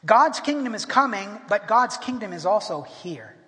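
Middle-aged man, pastor, high voice, delivering a sermon in an emphatic manner with lots of restarts, in a church hall with long reverb. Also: very animated, moderate pace, a bit bright. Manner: emphatic, often restarts and repeats words. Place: church sanctuary.

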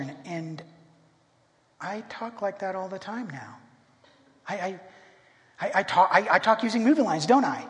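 Middle-aged man, pastor, high voice, delivering a sermon in an emphatic manner with lots of restarts, in a church hall with long reverb. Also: very animated, brisk, fairly bright tone. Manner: emphatic, often restarts and repeats words. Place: church sanctuary.

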